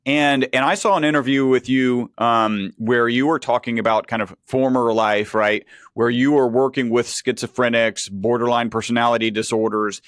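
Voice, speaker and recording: Male podcast host: conversational and joking, halting questions, dry close recording. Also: medium pitch, steady tone, a bit bright, dry recording. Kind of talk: interview questions.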